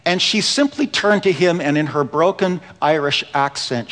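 Male pastor, slightly high voice, earnest storytelling sermon that swings from quiet to emphatic, heard with long church reverb. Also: lively intonation, normal speed, hardly any pauses. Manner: earnest storytelling preacher, swings between hushed and rising emphasis. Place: church sanctuary. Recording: long reverb of a large hall.

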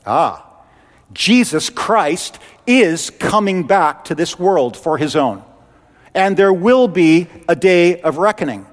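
A man preaching a sermon in an animated, conversational way as a pastor. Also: on the high side, slow, in a large hall. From Canada.

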